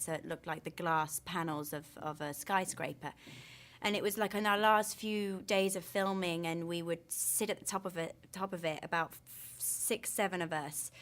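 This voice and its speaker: A woman's voice: fairly low pitch, fairly bright tone. A woman, an actress, answering questions in a film press interview with enthusiastic, gushing storytelling.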